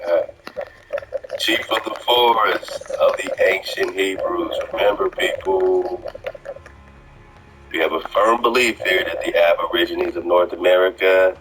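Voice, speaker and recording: A man's voice: low-pitched, fairly even intonation, moderate pace, noisy background. A man commenting over a played clip, lecturing and challenging the speaker, often repeating his words. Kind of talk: reaction commentary.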